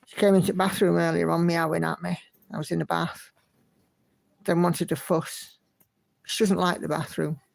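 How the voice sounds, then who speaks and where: A woman's voice: on the low side, level tone, moderate pace, vocal fry, pauses often, no room sound. A woman hosting a casual livestream, chatting in a friendly way and greeting viewers by name as she reads their comments. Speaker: livestream host.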